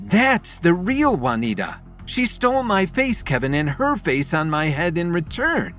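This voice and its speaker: A man voicing a frantic female doctor who pleads and shouts urgent orders. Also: sits high, sing-song, unhurried, soft background music, pitched above the performer's own voice. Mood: pleading.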